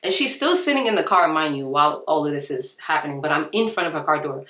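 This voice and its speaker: A woman's voice: low-pitched, animated, quick pace, fairly bright tone. A young woman vlogger telling a heated story and acting out both sides. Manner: emphatic, heated. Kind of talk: storytime while doing her hair. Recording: echoey room.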